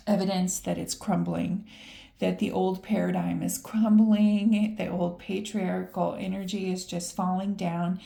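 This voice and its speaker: Low gravelly woman reading tarot. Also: mellow. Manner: upbeat, laughs often, talks to the viewer. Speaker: tarot reader. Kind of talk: casual tarot reading to camera. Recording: roomy echo.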